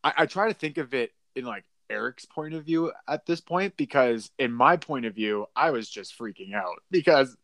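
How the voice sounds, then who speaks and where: A young man co-hosting a podcast speaks in an expressive, mid-range voice that's a bit bright, at normal speed with few pauses. He tells a rambling story full of fillers and laughs in casual chat. The studio sound is clean, with no echo.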